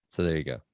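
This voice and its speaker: A man's voice: a little mellow, no echo, studio quality. A man hosting a casual sports podcast, chatty and loose with lots of fillers. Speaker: podcast host.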